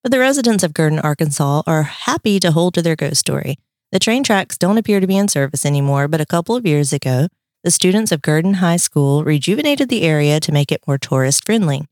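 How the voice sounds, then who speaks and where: A woman's voice: low voice, animated, fairly quick, darkish tone, no room sound, studio quality. A middle-aged woman co-hosting a podcast, teasing her partner and laughing often in casual chat. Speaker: podcast co-host.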